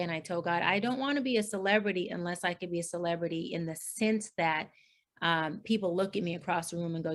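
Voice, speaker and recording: A middle-aged woman speaking as a life coach in an interview, earnest and expressive, with many fillers and restarts, and she acts out other people's words in lively voices. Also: lowish voice. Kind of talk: interview, personal storytelling.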